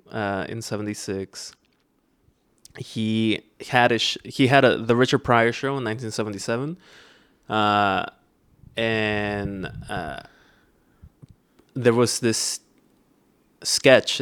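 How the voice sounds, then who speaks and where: Slow, low-voiced young man chatting. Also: clean tone, no echo, clean studio sound. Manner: rambling with many fillers and restarts. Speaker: podcast host. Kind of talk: casual chat.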